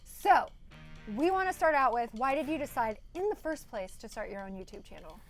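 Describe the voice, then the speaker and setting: A woman's voice: high voice, very animated, fairly quick, faint music behind. A woman co-hosting an interview, upbeat and enthusiastic. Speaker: co-host. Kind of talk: show host interview.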